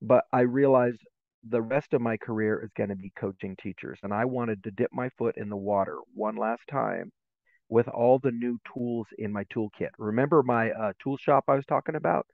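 A man's voice: mid-range voice, normal speed, vocal fry, no room sound. A middle-aged man, a guest educator, telling stories in a podcast interview and acting out the voices in them. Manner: animated, acts out voices in his stories. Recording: tinny, phone-like remote line.

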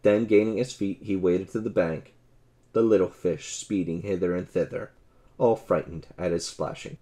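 Deep, dark-voiced male storyteller. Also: normal speed. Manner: expressive, old-fashioned storytelling. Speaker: audiobook narrator. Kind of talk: storybook audiobook narration.

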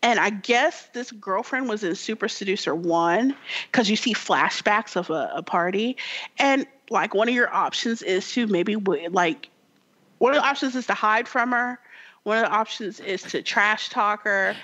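A woman co-hosting a podcast, recounting a story in a loose, animated way full of "like" and little acted-out voices. Her pitch sits in the middle for a woman. The sound is a bit dull and lo-fi. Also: moderate pace. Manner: animated storytelling with many fillers, acts out game characters. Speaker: podcast co-host. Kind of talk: casual chat.

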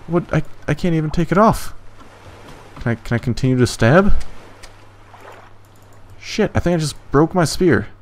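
A young man doing let's play commentary, excitable and swearing often, jumping into high yelps when frustrated. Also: normal speed, pauses often. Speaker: gaming YouTuber.

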